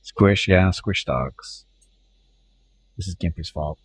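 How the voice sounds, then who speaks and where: A man with a Canadian accent giving relaxed, rambling commentary while streaming a game live and talking to his chat. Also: deep voice, takes it slowly, breathy edge, dry recording. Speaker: gaming streamer. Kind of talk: casual live gameplay commentary.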